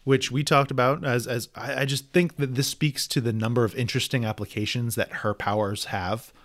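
A man's voice: mid-range voice, fairly even intonation, a little fast, fairly bright tone, no room sound, clean studio sound. A man co-hosting a casual chat about a comic book, recapping and analyzing the story in an easygoing way. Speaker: comic book podcast co-host.

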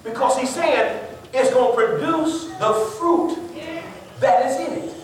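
A pastor giving an animated sermon, laughing and acting out quotes with emphasis. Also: male voice, very high-pitched, a little slow, crowd noise. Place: church hall. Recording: roomy church sound from a distance with congregation. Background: congregation responding.

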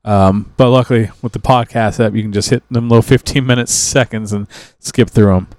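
A man co-hosts a podcast, chatting casually with friends in a relaxed, rambling way, full of restarts and trailing sentences. His medium-pitched voice is brisk, with no room sound.

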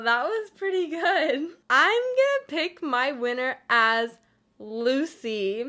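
A woman's voice: high-pitched, lively intonation, slow, sharp tone. A young woman hosting a podcast in a bubbly, chatty way. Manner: bubbly, valley-girl fillers. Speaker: podcast host. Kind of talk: casual chat.

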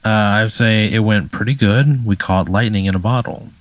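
A laid-back man answers a friend's story with short, dry replies and the odd wry aside. His voice sits a bit low for a man. He is recorded close, with no room sound. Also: moderate pace, dry recording, dull audio. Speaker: guest on a podcast. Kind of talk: casual chat.

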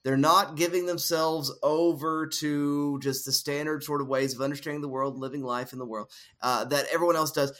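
A man's voice: on the high side, fairly even intonation, normal speed, fairly bright tone. A man co-hosting a casual film discussion, explaining ideas at length in a thoughtful way with frequent fillers. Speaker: podcast co-host.

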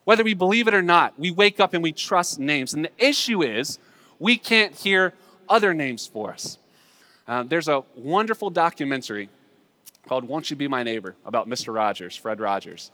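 Man, pastor, sermon, dramatic loud and soft swings, fairly high voice, reverberant hall. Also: expressive, moderate pace. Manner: dramatic swings between loud emphatic lines and hushed asides.

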